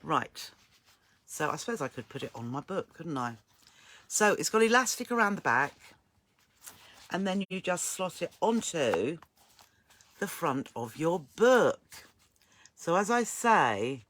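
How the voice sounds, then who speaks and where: A woman's voice: lowish voice, big pitch swings, measured pace, long pauses, fairly bright tone, no room sound. Chatty older woman, dry sound. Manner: chatty, rambling, greets viewers by name. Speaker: sewing channel host. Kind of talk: casual live-stream chat.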